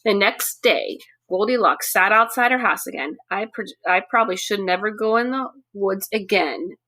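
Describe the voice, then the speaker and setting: A woman's voice: mid-range voice, normal speed, sharp tone. A woman telling a fairy tale to young children in a chatty way, asking her listeners questions as she goes. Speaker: storyteller for preschoolers. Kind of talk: reading a children's story aloud.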